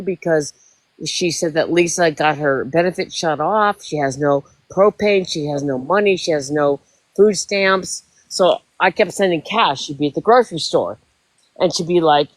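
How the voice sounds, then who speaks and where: A woman's voice: sits low, normal speed, dry recording, poor audio. Older woman, 60s, emotional rambling storyteller, dry recording. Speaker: guest. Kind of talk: casual chat.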